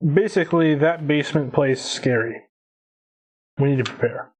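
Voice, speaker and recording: A man at a tabletop game talks casually with his friends at a mid-range pitch. He chatters and cracks jokes as he plans. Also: normal speed, slightly rough, poor audio. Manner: chatty, joking. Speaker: player.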